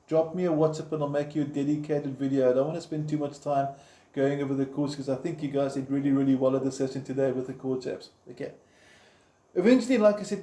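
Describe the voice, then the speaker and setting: The camera stays on the guitar as a man with a mellow, somewhat high voice teaches step by step, casual and encouraging. He counts the beats out loud while playing, and the guitar rings through a roomy echo.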